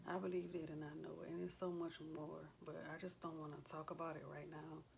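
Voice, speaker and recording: A woman's voice: sits low, level tone, fairly quick, vocal fry, darkish tone, a little hiss or hum. A woman in her forties, a vlogger, talking in an earnest, heartfelt, conversational way with frequent fillers. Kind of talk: casual chat.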